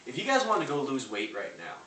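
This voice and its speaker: With huge pitch swings and a quick pace, a young man's fairly bright, mid-range voice powers a brash motivational network marketing pitch, firing rhetorical questions at a live audience. The clip comes from a large room in a house and sounds roomy and distant with faint hiss.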